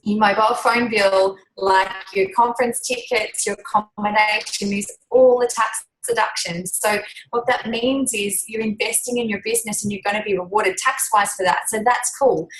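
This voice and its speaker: A woman sharing her experience on a team call. Her delivery is chatty and earnest, and she keeps gently persuading the listeners. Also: mid-range voice, steady tone, normal speed, poor audio. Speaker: team member. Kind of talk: motivational testimony.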